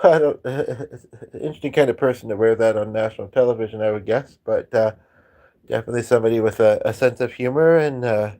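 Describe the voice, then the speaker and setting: A man's voice: medium pitch, quick pace, dark tone. A man hosting a casual chat stream, rambling and hesitant, with frequent chuckles and filler ums. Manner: hesitant, many ums and restarts, chuckles often. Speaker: host of a music and chat stream.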